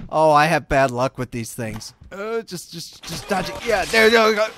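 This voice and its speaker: A young man hosting a gaming video, giving casual gameplay commentary and swearing and yelling at the game as he plays. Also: high-pitched, normal speed. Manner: excitable, swears and yells at the game.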